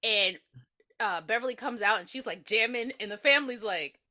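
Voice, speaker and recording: A woman's voice: a little high, normal speed. A woman co-hosting a film review podcast, telling plot points with energy and acting out quotes. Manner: energetic storytelling, acts out quotes. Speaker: podcast co-host. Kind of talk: casual film review chat.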